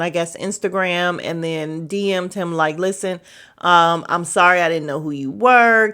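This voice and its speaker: A woman's voice: on the low side, a bit bright. A woman hosting a casual recap of a podcast episode, talking candidly and giving her own opinions with chatty asides.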